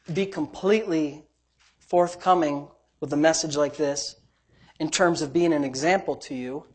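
A middle-aged man, a pastor with a high voice, preaching emphatically and dropping from quiet asides to loud exclamations. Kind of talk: sermon.

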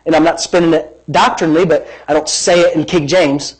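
A man pastor preaching a sermon in an animated, conversational way, full of playful jabs and exclamations. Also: high-pitched, brisk, rough recording.

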